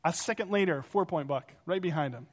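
A male pastor preaching a sermon, telling stories in an animated, conversational way. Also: on the high side, brisk.

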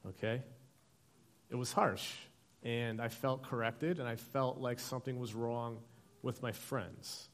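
A male pastor opening a sermon with an animated personal story, acting out the dialogue. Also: medium pitch, measured pace.

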